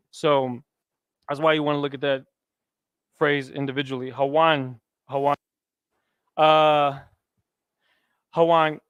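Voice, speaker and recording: A man's voice: on the high side, clear, resonant tone, no room sound, studio quality. A man teaching a class, talking casually and quizzing his students with questions. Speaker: Hebrew teacher. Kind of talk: classroom lesson.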